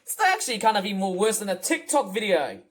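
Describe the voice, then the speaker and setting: A man's voice: high voice, very animated, fast. A man giving rambling reaction commentary, exasperated and full of swearing. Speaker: video commentator.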